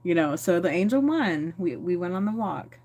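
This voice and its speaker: A woman's voice: fairly low pitch, expressive, normal speed, a little mellow. A woman chatting candidly and rambling on a phone livestream, answering viewer comments. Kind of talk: casual live-stream chat.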